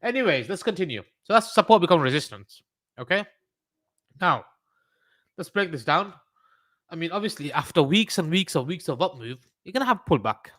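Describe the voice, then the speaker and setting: Rambling Brummie man, slightly high voice. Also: sing-song, normal speed, pauses often, fairly bright tone, dry recording, studio quality. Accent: Birmingham English. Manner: rambling, swears freely, jokes with chat. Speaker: trading livestream host. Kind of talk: casual livestream chart analysis.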